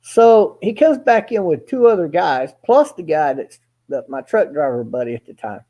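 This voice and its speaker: A man's voice: fairly high pitch, sing-song, moderate pace, mellow. A man telling a long personal story in a casual, rambling, folksy way, swearing now and then and acting out each line of dialogue. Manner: rambling, folksy, profane, acts out quoted dialogue. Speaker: guest storyteller.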